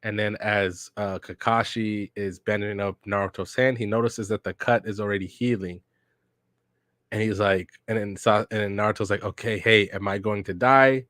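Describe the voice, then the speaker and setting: Guy reading manga out loud for his podcast, kinda low voice, slangy, real dry close mic. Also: normal speed, no echo. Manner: reads character lines aloud in a flat, slangy storytelling way. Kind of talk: casual read-along reaction.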